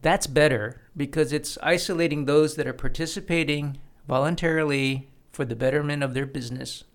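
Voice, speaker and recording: A man's voice: on the high side, fairly even intonation, a little fast. A man hosting a casual studio conversation, explaining his opinions at length with frequent restarts. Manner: opinionated, talks in long explanatory runs with restarts. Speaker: podcast host.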